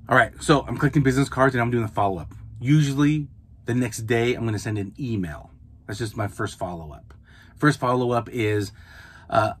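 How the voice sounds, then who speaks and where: Husky man coaching podcast listeners. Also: mid-range voice. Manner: repetitive, coaching, talks straight to listeners. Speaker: podcast host, mobile notary. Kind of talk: casual podcast advice.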